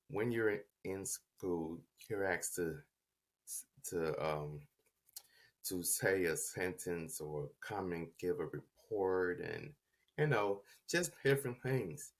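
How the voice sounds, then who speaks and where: Slow, gravelly-voiced man who stutters. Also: fairly low pitch. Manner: stutters, repeating and restarting words; reflective, confessional. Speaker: podcast host telling his life story. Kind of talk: personal storytelling.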